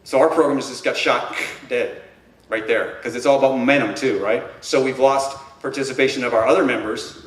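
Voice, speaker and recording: A man's voice: medium pitch, steady tone, a little fast. Impassioned man presenting in an echoey room. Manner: impassioned, emphatic, rambling. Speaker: conference presenter. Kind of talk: conference presentation. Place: conference room. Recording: roomy echo, distant mic.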